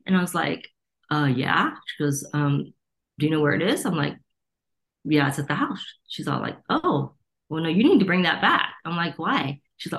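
A woman's voice: fairly low pitch, expressive, fairly quick, fairly bright tone. A middle-aged woman from the United States, a Reiki teacher, telling stories in an interview and acting out the voices of people she quotes. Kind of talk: storytelling interview.

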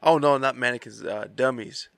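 Young male co-host, teasing and relaxed, clean dry tone. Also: medium pitch, moderate pace, vocal fry, dry recording. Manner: teasing, laid-back interjections. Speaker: podcast co-host. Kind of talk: casual chat.

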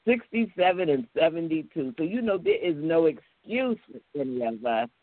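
A woman minister hosts a call-in radio talk show, offering warm church-style affirmations and laughing often. Her voice is low-pitched and sing-song at a moderate pace. The broadcast sounds tinny and phone-like, dry with no room sound.

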